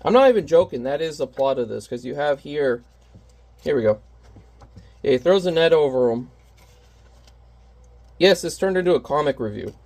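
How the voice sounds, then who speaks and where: A man's voice: a little high, animated, moderate pace, long pauses, darkish tone. Rambling man chatting while he paints. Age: adult parent. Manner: rambling, candid, self-deprecating. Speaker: artist painting on camera. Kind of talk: casual chat while painting.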